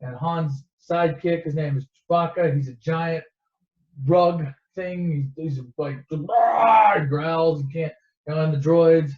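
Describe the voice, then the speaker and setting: A man's voice: a little high, fairly even intonation, measured pace, a little mellow. Man ranting through a sarcastic movie retelling. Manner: rambling, profane, sarcastic. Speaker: storyteller. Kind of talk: casual comedic movie retelling. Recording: echoey dull lo-fi recording.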